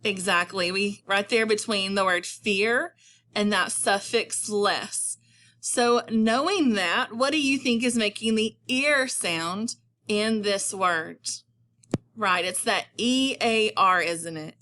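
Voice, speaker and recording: Woman, teacher, phonics lesson, patient, unhurried, stretches words. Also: mid-range voice, sharp tone.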